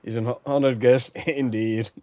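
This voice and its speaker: A man's voice: medium pitch, fairly even intonation, unhurried, dark tone, no echo. A man from the Netherlands with a Dutch accent, streaming a game and chatting with viewers, thinking aloud and laughing often. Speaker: gameplay streamer. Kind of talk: casual live-stream commentary.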